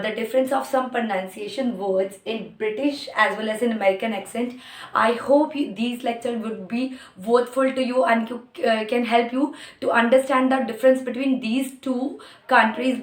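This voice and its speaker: Hindi-native woman teaching online, higher voice, slow repeated examples, echoey room. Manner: repeats words slowly for practice. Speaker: English teacher. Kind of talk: online lesson explaining pronunciation.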